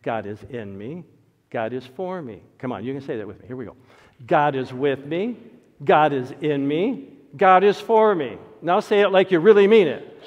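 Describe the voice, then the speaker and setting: A man's voice: medium pitch, sing-song, normal speed. A man preaching a sermon as pastor, leading the congregation in call-and-response. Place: church sanctuary. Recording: echoey hall, dull lo-fi sound.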